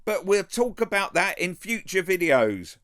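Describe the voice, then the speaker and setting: A man's voice: sits high, big pitch swings, a little slow, a bit bright, a little hiss or hum. A man hosting a political video channel, commenting on a clip in a sarcastic, mocking way.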